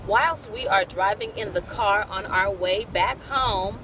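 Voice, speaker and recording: A woman's voice: mid-range voice, measured pace, background noise. A mother chatting animatedly in a casual vlog, recorded on a phone inside a moving minivan. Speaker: mother and vlogger. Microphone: phone camera.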